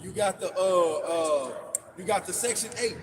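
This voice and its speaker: A man's voice: high-pitched, normal speed. A man leading a casual religious discussion in a preachy way, often repeating his words as he builds a point. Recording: noisy, distant mic.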